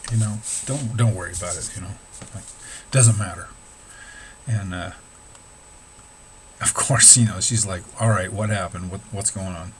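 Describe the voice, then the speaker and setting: A man's voice: deep voice, normal speed, pauses often, slight background noise, low-quality recording. A middle-aged man, an amateur musician, talking casually and candidly, swearing freely and rambling with restarts. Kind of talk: casual talk to camera.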